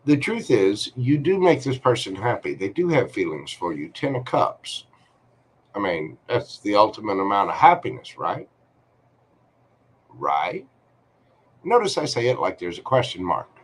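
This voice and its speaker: A man's voice: on the low side, very animated, husky. A man giving a live-streamed tarot reading, talking to the viewer in a chatty, reassuring way. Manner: slow, chatty, reassuring, talks to viewer directly. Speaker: tarot reader.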